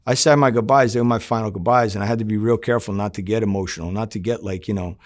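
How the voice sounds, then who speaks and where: A man who is a former undercover agent, telling his story in a sit-down interview, profane and lively as he acts out the dialogue. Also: lowish voice, fast talker, no echo, clean studio sound. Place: home in New Jersey.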